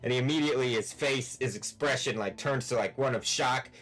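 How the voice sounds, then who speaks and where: A man's voice: mid-range voice, brisk, fairly bright tone, soft background music. A man running a tabletop game over an online call, narrating loosely with many fillers. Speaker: game master.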